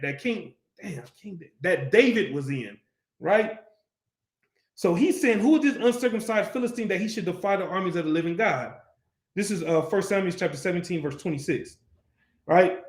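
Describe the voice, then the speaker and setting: A man's voice: high voice, a bit bright, reverberant. A man teaching a Bible class, keeps asking the class questions and acts out the story in street slang.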